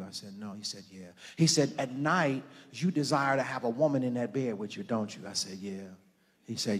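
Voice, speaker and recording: A man preaching as a pastor in a church, telling a story in a hushed murmur and then building to loud, rousing preaching. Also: medium pitch, normal speed, husky. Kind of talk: sermon. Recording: long reverb of a church hall.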